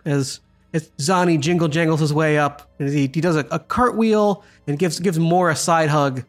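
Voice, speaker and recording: A game master narrating and running a tabletop role-playing game, describing scenes with lively, stop-start delivery. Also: mid-range voice, moderate pace, soft background music. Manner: lively narration, frequent restarts.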